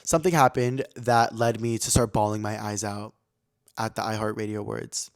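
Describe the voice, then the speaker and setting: A man's voice: on the low side, steady tone, normal speed, vocal fry. Young guy yapping on his podcast, super slangy and chatty, filler words everywhere. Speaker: podcast host. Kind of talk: casual chat.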